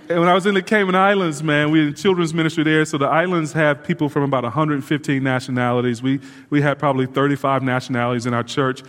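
A man preaching a sermon as pastor, lively and casual with asides and laughs to the congregation. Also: on the high side, brisk. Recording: hall reverb.

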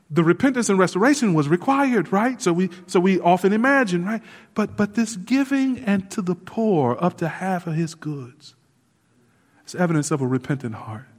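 A man preaching a sermon as pastor, lively and casual with asides and laughs to the congregation. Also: high voice. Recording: hall reverb.

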